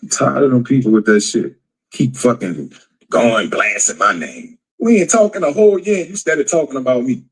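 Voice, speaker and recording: A man's voice: mid-range voice, lively intonation, normal speed, husky, low-quality recording. A man in a played clip ranting heatedly and profanely, repeating himself. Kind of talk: casual rant in a clip.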